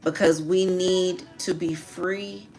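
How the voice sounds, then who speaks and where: Slow, preacherly woman leading affirmations. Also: fairly low pitch, fairly even intonation, a little mellow, faint music behind. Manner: slow, emphatic, preacherly call-outs. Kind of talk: call-and-response affirmations.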